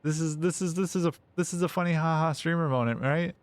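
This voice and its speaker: A man's voice: fairly high pitch, quick pace, no room sound. A man livestreaming a game, chatting casually with his viewers and reading their messages aloud, with playful mock-dramatic whining. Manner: reads chat messages aloud. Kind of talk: casual gaming livestream chat.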